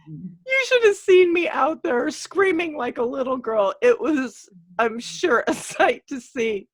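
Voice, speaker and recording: Woman host, very high pitch, animated, laughs through her anecdotes. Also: slow. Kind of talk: casual group chat.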